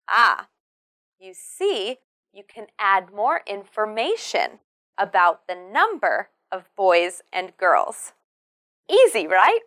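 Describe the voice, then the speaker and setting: A woman teaching English pronunciation, speaking slowly and modelling each word with careful stress. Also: medium pitch, sing-song, fairly bright tone. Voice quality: careful, drawn-out modelling of words. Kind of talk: slow, clearly enunciated pronunciation lesson.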